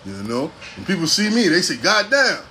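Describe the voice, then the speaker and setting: A man in his forties delivering a casual comedic monologue, animated, preachy and full of profanity. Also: fairly high pitch, fairly quick, slight background noise. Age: 40s.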